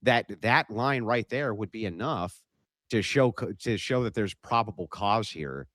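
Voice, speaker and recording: A man's voice: fairly low pitch, expressive, a little slow, fairly bright tone, no echo. A man arguing bluntly in a heated online debate, pressing his point and cutting in. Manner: blunt, combative, interrupts.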